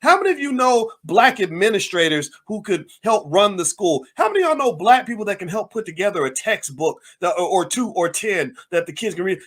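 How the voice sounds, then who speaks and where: A man's voice: high voice, fairly bright tone. A man giving impassioned political commentary, firing off angry rhetorical questions.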